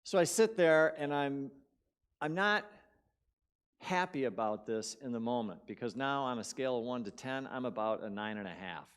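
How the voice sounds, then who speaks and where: Animated man telling a sermon story. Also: medium pitch, normal speed, smooth. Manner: animated, swings between loud bursts and quiet drops; conversational, repeats words for emphasis. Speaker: guest speaker. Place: church sanctuary.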